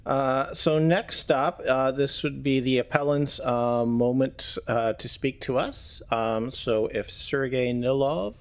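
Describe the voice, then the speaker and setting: A man's voice: mid-range voice, slow, few pauses. A man chairing a council meeting, giving procedural directions with fillers. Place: council chamber.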